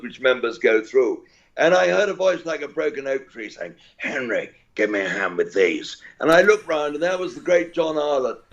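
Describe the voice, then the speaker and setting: An older man with an English accent, a cricket commentator telling rambling, chuckling anecdotes as an interview guest. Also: a little high. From England. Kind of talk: anecdotal storytelling. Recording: dull lo-fi audio.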